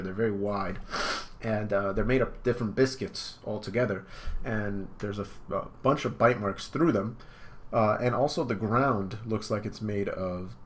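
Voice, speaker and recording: A man's voice: lowish voice, a little hiss or hum. A young man hosting a casual live comic reaction, rambling with lots of fillers and laughing easily. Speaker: reaction video host.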